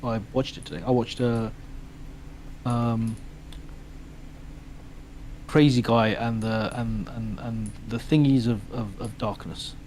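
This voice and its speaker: A man's voice: mid-range voice, steady tone, slow pace, long pauses, darkish tone, a little hiss or hum, poor audio. A man co-hosting a gaming livestream in casual chat, teasing playfully and stumbling through self-corrections. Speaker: co-host.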